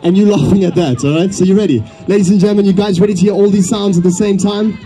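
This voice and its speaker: High-voiced playful showman beatboxer. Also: steady tone, fast talker, mellow, faint music behind. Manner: playful, teasing, showman crowd banter. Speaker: street beatbox performer. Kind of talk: live stage patter with crowd.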